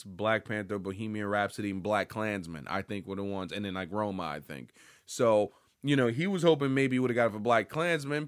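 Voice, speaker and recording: Rambling through casual pop-culture talk, this podcast host swears often and leaps into excited bursts. The recording is smooth and dry, keeping his ordinary-pitched voice close with no surrounding room.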